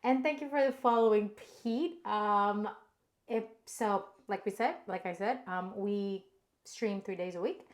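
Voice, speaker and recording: A woman's voice: mid-range voice, measured pace. A woman co-hosting a cooking stream, chatting casually and laughing as she reads viewer comments. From Australia.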